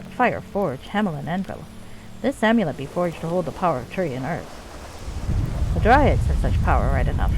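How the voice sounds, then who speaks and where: A woman voicing a gruff male dwarf clan leader, weary of endless war, in a put-on Scottish accent. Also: fairly low pitch, background noise. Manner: gruff, archaic folksy dwarf speech. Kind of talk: reading game dialogue aloud.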